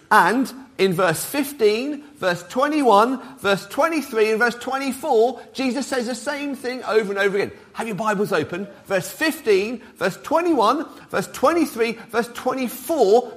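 A middle-aged man preaching an all-age sermon, lively and interactive, drawing the congregation in. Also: extremely high pitch. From Wales. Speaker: pastor.

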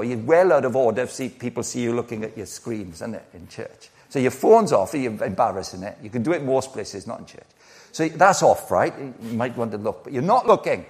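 A man, preaching a sermon in a lively, conversational way, full of rhetorical questions and playful asides. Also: on the high side. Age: 60s.

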